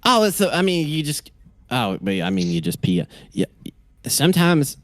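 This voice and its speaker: A man's voice: a little high, big pitch swings, moderate pace, no room sound, clean studio sound. A man voicing a crude, rambling man with a flamethrower who swears and stammers. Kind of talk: tabletop game character voice.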